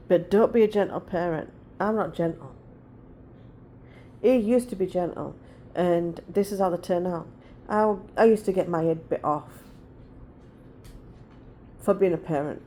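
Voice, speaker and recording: A woman's voice: on the low side, warm tone, slight background noise. Blunt rambling woman in her forties. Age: 40s. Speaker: vlogger. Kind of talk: casual chat.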